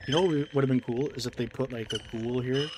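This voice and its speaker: A man at a middle pitch chatting loosely while he plays, trailing off into fillers and restarts as he talks to his viewers. Steady noise sits behind his voice. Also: fast talker. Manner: rambling, filler-heavy, talks to chat. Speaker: streamer playing a game. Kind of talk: casual gameplay commentary. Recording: noisy background.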